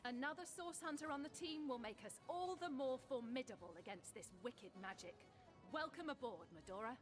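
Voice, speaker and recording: A woman's voice: high voice, lively intonation, moderate pace, over music. A woman voicing a heroic young huntress in a video game, welcoming and resolute.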